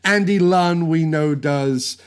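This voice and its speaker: A man's voice: a little high, slow pace, smooth. A man hosting a podcast in a casual chat, playful and jokey, rambling from one tangent to the next while he talks into a podcast mic. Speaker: podcast host.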